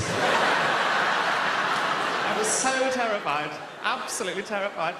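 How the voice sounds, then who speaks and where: Camp, animated English stand-up comic. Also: male voice, high voice, moderate pace, pauses often, very noisy. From Birmingham, England. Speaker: stand-up comedian. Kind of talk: stand-up comedy set. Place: comedy club stage. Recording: echoey live room with long reverb. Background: loud audience ambience.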